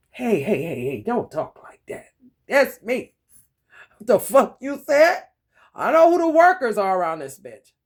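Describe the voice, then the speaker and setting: Profane, animated woman tarot reader. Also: on the high side. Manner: animated, profane, frequent laughter, talks to viewers directly. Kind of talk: casual profane tarot reading monologue.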